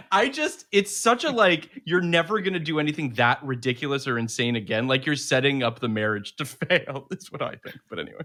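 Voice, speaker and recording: A man's voice: medium pitch, animated, moderate pace, bright, forceful tone. A man co-hosting a casual film podcast, laughing often and reading out a synopsis. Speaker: podcast co-host.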